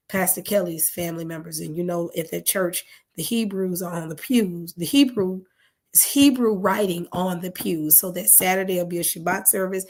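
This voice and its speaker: Woman host, lower voice, hoarse, loose chatty delivery full of ums, talking straight to her viewers. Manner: rambling, many fillers and self-corrections. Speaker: channel host. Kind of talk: casual talk to viewers.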